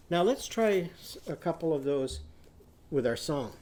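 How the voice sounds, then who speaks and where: Slow, patient male phonics teacher. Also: a little high, big pitch swings, a little mellow. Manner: patient, call-and-response prompting, sounds words out slowly. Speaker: literacy teacher. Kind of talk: phonics lesson for young children.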